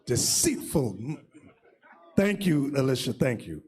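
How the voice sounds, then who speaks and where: A man leading a religious class as bishop, preaching in a loud, mocking, shouting manner. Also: medium pitch, sing-song, takes it slowly, slightly rough. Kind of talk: fiery religious teaching.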